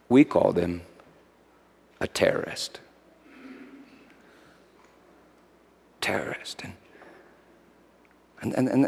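A man playing Pontius Pilate, a guilt-haunted Roman governor, in a dramatic first-person monologue that swings from shouts to whispers, recorded in a church. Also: mid-range voice, in a large hall. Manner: swings between shouted outbursts and hushed whispers. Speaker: preacher performing a character monologue.

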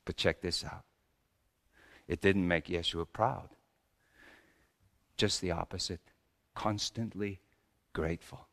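A man's voice: low voice, steady tone, takes it slowly, vocal fry, long pauses, a bit bright, big-room sound, heavily acted. A man playing Joseph, a humble carpenter father, in a first-person dramatic monologue, telling stories in a folksy, chuckling way with loose grammar. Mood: reflective.

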